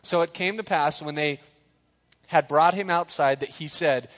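Youth-pastor type, man, casual jokey preaching, slightly higher voice, long hall echo. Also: normal speed, a bit bright. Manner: chatty, jokey, asks the crowd questions. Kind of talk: casual sermon. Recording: dull sound in a reverberant hall.

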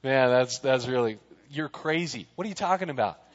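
A man's voice: medium pitch, animated, moderate pace, voice pushed down, natural voice. A man doing slangy, dismissive young dudes. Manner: lazy, slangy, brushing things off. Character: laid-back dismissive young men, slangy. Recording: dull sound in a reverberant hall.

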